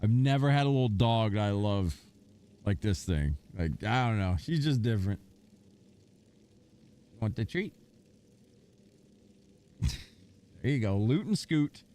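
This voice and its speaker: A man chatting casually on a livestream, telling stories with animation and cooing softly at his dog. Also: fairly low pitch, lively intonation, unhurried, pauses often, clean tone. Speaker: gaming streamer.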